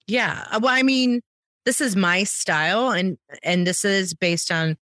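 An American woman co-hosting a sales podcast, talking quickly and emphatically, pushing her voice up on key points. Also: mid-range voice, pushed and bright, dry recording, studio quality. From United States. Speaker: podcast co-host, sales trainer. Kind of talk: casual chat.

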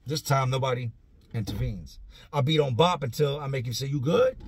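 A man telling a profane, animated story about his own past in a casual, conversational way. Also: medium pitch, a little fast, a little hiss or hum. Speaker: vlogger telling prison stories.

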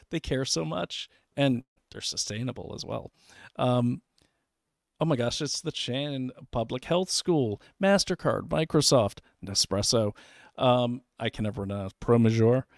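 A man's voice: mid-range voice, a little mellow, no room sound, studio quality. Sarcastic man reading documents aloud. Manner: sarcastic, conversational, reads aloud with asides. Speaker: show host. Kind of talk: casual commentary reading documents.

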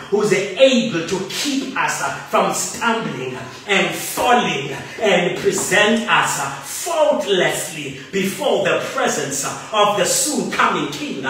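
High, lively-voiced preaching man, echoey. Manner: rhythmic, repetitive preaching with frequent hallelujahs. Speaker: bishop preaching. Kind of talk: sermon. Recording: echoey room from a distant mic, faint noise.

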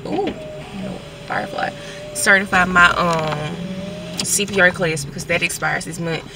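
A woman's voice: on the low side, creaky, recorded from a distance, noisy background. A woman, chatting informally to the camera from a parked car. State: frustrated and irritated. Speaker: vlogger. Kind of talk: casual vlog chat.

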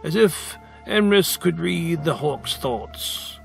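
A male storyteller reads a picture book aloud, slowly and dramatically, leaning on key words. His voice sits a little high with a gravelly texture. Music plays clearly underneath. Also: lively intonation. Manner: dramatic, slow, emphatic narration. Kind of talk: expressive read-aloud storytelling.

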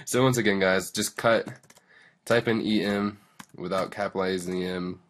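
Young man, deep low voice, casual rambling coding tutorial, self-deprecating asides. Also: steady tone, a little slow, slight background noise. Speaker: tutorial host.

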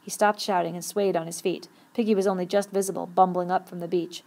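A woman reading a novel aloud with steady, expressive storytelling. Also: fairly low pitch, fast talker, gravelly. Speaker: audiobook reader.

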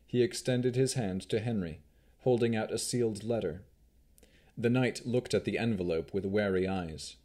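A man giving scripted audiobook narration with expressive, unhurried storytelling. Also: lowish voice.

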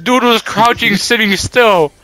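A young man playing a video game with friends, trash-talking and yelling at his teammates. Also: high voice, measured pace. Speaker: gamer. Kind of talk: casual gaming banter.

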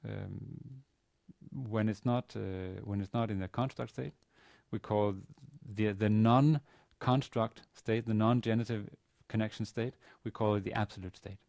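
A man giving a university grammar lecture, pausing often with fillers and restarting his sentences. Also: on the low side, steady tone, gravelly, a little mellow, dry recording, clean studio sound. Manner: hesitant, many fillers and restarts. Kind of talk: classroom lecture. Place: university classroom.

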